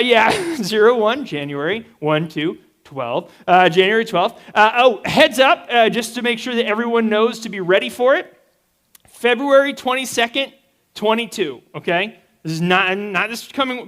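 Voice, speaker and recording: High-voiced, animated young man. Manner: animated, joking, talks to a live room. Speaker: youth pastor. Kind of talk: energetic audience interaction.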